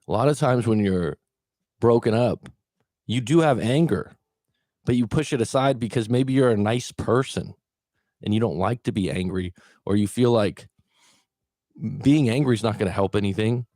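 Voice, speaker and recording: Man, coach, casual advice talk, plainspoken, dry room, low warm voice. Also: normal speed, long pauses, dry recording. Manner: plainspoken, acts out quoted thoughts, occasional swearing. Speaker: relationship coach.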